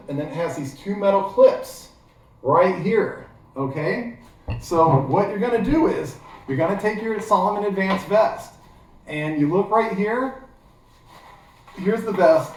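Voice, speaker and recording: A man with a Midwestern American accent from Ohio, giving a chatty, digressive how-to demonstration full of fillers. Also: on the high side. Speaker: gear how-to vlogger. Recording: very echoey room, voice far from mic.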